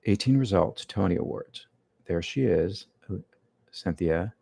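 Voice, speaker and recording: Annoyed man with a gravelly low voice. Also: lively intonation, unhurried, warm tone, no echo. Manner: irritated, grumbling to himself. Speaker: livestream host. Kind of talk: live-stream reaction chat. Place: living room at home.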